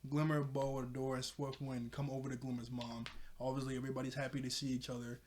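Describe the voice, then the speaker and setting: A man's voice: medium pitch, level tone, fast, darkish tone, slight background noise. A man giving a casual, chatty episode recap, filling his talk with "like" and laughing often. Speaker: TV episode reviewer.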